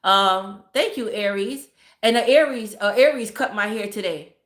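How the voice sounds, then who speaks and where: A woman's voice: mid-range voice, normal speed, roomy sound. A woman casually telling a story to her live viewers, swearing freely and laughing as she goes. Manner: profane, laughing, animated storytelling. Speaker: streamer.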